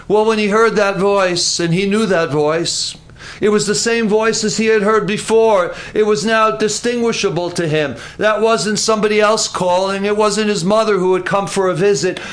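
A man preaching a sermon, telling the story in an animated way and slowing down for dramatic emphasis. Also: sits high. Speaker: pastor.

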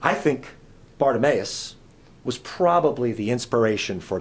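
A man preaching a sermon at a camp meeting, dramatic and full of questions to his listeners, swinging from loud cries to hushed whispers. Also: medium pitch, expressive, measured pace. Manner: asks the audience many questions.

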